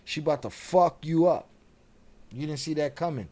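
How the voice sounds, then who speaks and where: A man's voice: fairly high pitch, moderate pace, mellow. A man hosting a live stream, giving brash, profane, trash-talking reaction commentary.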